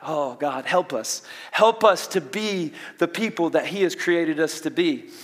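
A young adult man with a Southern US accent, preaching a sermon in an animated way, with quick asides and restarts. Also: a little high. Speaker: pastor. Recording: long reverb of a large hall.

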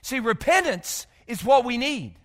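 A man preaching a sermon as pastor, emphatic, rising to loud bursts and dropping low, often repeating words as he thinks. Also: very animated, a little slow. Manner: emphatic, swinging between loud outbursts and quiet low passages; repeats words when gathering thoughts. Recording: long hall reverb.

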